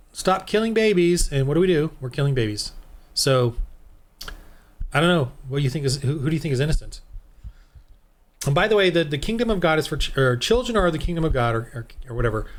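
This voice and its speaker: A man from the United States delivers a heated, rambling commentary with a somewhat high voice. He talks in a preachy way and often restarts his sentences. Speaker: Christian YouTube commentator. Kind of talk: reaction commentary monologue.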